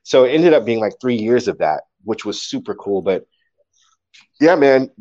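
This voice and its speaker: A man, a poet, telling stories casually in an interview, animated and acting out quotes. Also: medium pitch, moderate pace, highs cut off.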